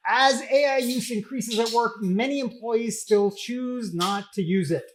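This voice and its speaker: A man with a higher-pitched voice co-hosts a tech podcast, talking casually in front of a live audience. He is easygoing and agreeable and makes dry jokes. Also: unhurried, a little hiss or hum. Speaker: podcast co-host.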